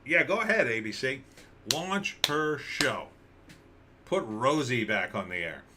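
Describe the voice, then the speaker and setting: A man's voice: mid-range voice, very animated, fairly quick, background noise. A man hosting a casual livestream, commenting on news with sarcasm and rambling restarts. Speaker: livestream host.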